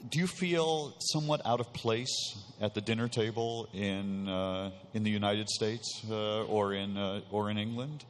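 Man, moderator, deepish voice, halting with fillers, echo of a hall. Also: slight background noise. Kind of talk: panel discussion. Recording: reverberant hall.

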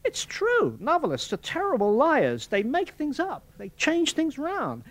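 A man doing a frantic, shrill male professor. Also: huge pitch swings, unhurried, full character voice. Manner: high, loud, agitated protesting. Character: flustered middle-aged male academic, protesting.

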